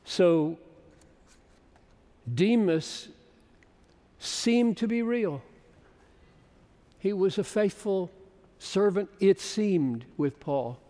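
A man in his seventies preaches in a slow, deliberate cadence, his voice sitting a touch high for his age. He swells into loud, emphatic peaks. A long reverb trails every phrase, as in a large church hall. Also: expressive. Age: 70s. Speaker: pastor. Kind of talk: sermon.

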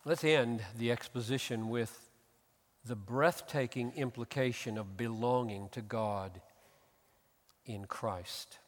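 A pastor delivering an expository sermon, earnest and emphatic, swinging from hushed tones to loud exclamations. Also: male voice, medium pitch, fairly even intonation, slow pace. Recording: long hall reverb.

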